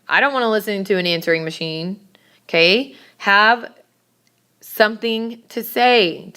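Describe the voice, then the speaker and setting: A woman teacher giving a classroom lecture on public speaking, brisk and direct, with scolding asides to her students. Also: medium pitch, pushed and bright, clean tone.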